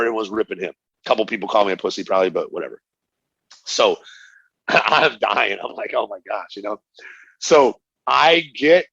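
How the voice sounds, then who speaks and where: This interview guest is a middle-aged man who used to fight, animatedly recounting stories, acting out conversations and laughing a lot in a casual storytelling format. His mid-range voice is gravelly and a bit bright, with no echo and the highs cut off.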